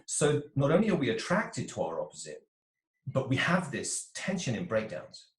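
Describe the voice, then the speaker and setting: Lively man explaining, roomy echo. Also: medium pitch, moderate pace, far from the mic. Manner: animated, acts out little voices of quoted types. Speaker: interview guest, relationship coach. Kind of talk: explanatory interview talk. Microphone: video call.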